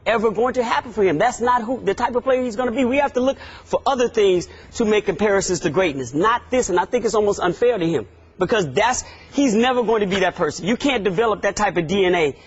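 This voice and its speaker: A man co-hosting a sports debate podcast, talking in an animated, emphatic way and often repeating his phrases. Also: sits high, slightly rough. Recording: dull lo-fi podcast audio.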